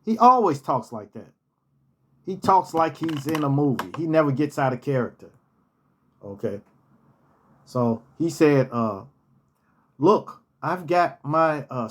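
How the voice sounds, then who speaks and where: A man casually telling personal stories from his hotel job, repeating key phrases for emphasis. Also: mid-range voice. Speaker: storyteller, former hotel manager.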